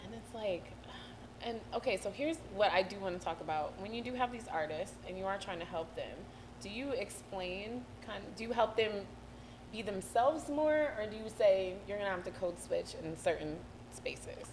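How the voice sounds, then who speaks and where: A woman's voice: mid-range voice, lively intonation, normal speed, noisy background. A woman from Atlanta with a mild Atlanta accent, hosting an interview in a chatty, giggly, affirming way. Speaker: host. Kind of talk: casual interview talk.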